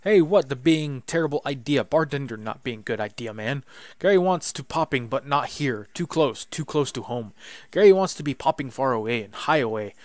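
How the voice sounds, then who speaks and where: A man voicing an excitable male goblin who talks in broken, repetitive phrases. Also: moderate pace, no echo, lightly acted. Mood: excited. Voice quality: broken grammar, repeats words. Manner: loud, excitable, high-pitched. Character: jittery chattering male goblin in a cellar.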